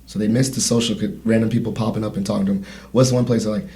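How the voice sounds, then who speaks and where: Low husky-voiced man in his thirties. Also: steady tone, racing, warm tone. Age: 30s. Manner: rambling storyteller, many fillers and restarts. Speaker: podcast host. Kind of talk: casual podcast conversation.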